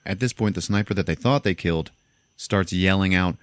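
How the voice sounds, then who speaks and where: Talking fairly quickly, a deep-voiced young podcast host breaks down a film scene by scene in a loose, animated way and does high-pitched voices for the characters. The sound is close and dry, without echo.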